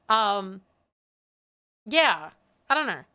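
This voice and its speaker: A woman's voice: a little high, sing-song, drawn-out words, bright, forceful tone. A woman chatting candidly on a live stream, rambling and self-deprecating with frequent laughs. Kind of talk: casual live-stream chat.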